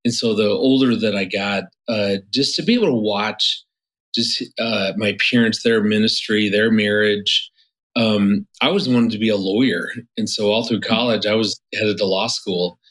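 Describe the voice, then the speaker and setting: A man in his fifties with a lowish voice talks through his story as a podcast guest. He rambles loosely and restarts his sentences often. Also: steady tone, normal speed, fairly bright tone, rough recording. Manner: rambling, many restarts and fillers. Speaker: guest marriage therapist. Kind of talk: casual interview storytelling.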